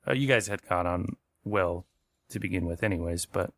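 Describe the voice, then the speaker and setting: A man narrating a tabletop horror game as game master, relaxed and often laughing. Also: deep voice, normal speed.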